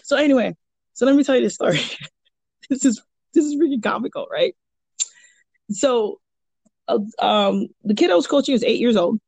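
A woman's voice: fairly high pitch, expressive, moderate pace, vocal fry, long pauses, a little mellow, breathy edge, no echo. A woman who coaches jiu-jitsu chats casually on a podcast, rambling through stories with lots of fillers and restarts. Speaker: jiu-jitsu purple belt and kids' coach. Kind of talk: casual podcast chat, storytelling.

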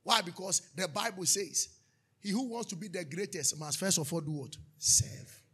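A male pastor preaching a sermon, with call-and-response questions to the congregation and sudden shouted bursts. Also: high voice, animated, moderate pace, breathy edge.

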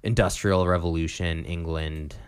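A man with a very low voice co-hosts a casual podcast. He rambles and thinks aloud with lots of fillers. The mic is close and dry. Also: steady tone, normal speed, smooth, no echo. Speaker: podcast co-host. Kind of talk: casual chat.

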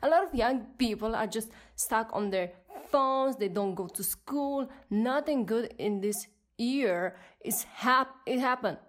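A woman's voice: fairly high pitch, unhurried. A woman in her twenties with a non-native accent, hosting a solo podcast and ranting in an indignant tone. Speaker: podcast host.

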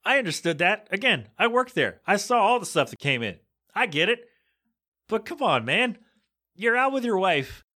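A man on a podcast telling a rambling anecdote in a casual, animated way, acting out the people in it as he goes. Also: sits high, normal speed. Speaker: podcast co-host. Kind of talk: casual storytelling chat.

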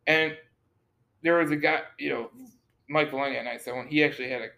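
A man's voice: a little high, steady tone, quick pace, gravelly, bright, forceful tone, rough recording. A man co-hosting a casual sports talk show, rambling and often repeating words as he restarts his sentences. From Detroit area. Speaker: podcast co-host.

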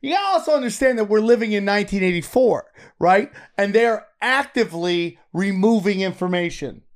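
A man with a high voice talks casually on a podcast. He is joking but indignant, and he rants about conspiracies. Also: a little fast. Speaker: podcast co-host. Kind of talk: casual argumentative chat.

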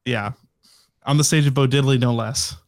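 A man's voice: mid-range voice, fairly even intonation, moderate pace, dry recording, studio quality. A young man co-hosting a podcast in casual chat, rambling with many fillers and restarts. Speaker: podcast co-host.

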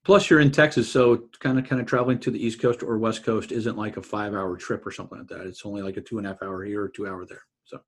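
A man's voice: fairly low pitch, little pitch movement, fast, hardly any pauses. A man who hosts a casual podcast chat as a water polo coach, rambling along and filling his talk with "like" and "kinda". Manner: rambling, heavy use of "like" and "kinda".

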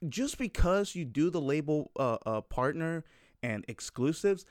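A man's voice: on the high side, lively intonation, measured pace, no echo, clean studio sound. A man in his twenties talking casually to his viewers, rambling and frank, full of fillers and restarts. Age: 20s.

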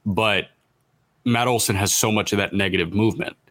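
A man's voice: on the low side, moderate pace. A man co-hosting a podcast, chatting casually and somewhat hesitantly while reading out stats. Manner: relaxed, hesitant, reads out stats. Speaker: podcast co-host. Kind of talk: casual analytical chat.

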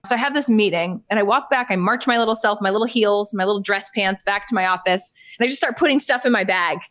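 An animated woman in her thirties tells her story as a podcast guest, leaping up into high put-on voices whenever she quotes someone. Her middle-pitched voice sounds dry and close to the mic, with no room around it. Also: fast, no room sound. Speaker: podcast guest, business coach. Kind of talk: casual interview storytelling.

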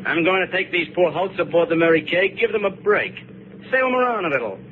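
A cruel, gloating smuggler captain, with a somewhat high voice and a sneering, taunting delivery. The old radio broadcast is narrow and thin, with clear hiss. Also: male voice, animated, fast. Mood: gloating menace. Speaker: ship captain. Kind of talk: 1950s radio drama acting.

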